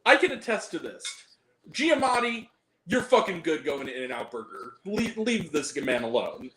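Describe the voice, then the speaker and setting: A man with a high, bouncing voice that swings all over as he hosts a casual stream. He riffs loudly, swears with relish and breaks into giggles. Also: very animated, moderate pace, roomy sound, low-quality recording. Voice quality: crude, loud, giggly banter. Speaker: host. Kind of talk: casual profane chat.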